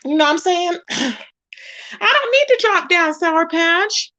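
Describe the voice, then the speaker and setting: High-voiced sassy woman livestreamer. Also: animated, measured pace, sharp tone. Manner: sassy, reads chat messages aloud and roasts a rival; drawls endearments like baby and boo. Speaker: livestream host. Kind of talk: casual livestream chat.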